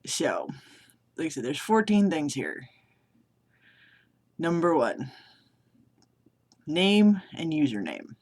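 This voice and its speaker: A young man from Massachusetts, his voice worn out, works through a casual accent challenge vlog. He talks slowly and hesitantly, pausing often on filler sounds. His tone stays self-deprecating throughout. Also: a little high, wildly swooping pitch. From Massachusetts, United States. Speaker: vlogger. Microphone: camera below the monitor.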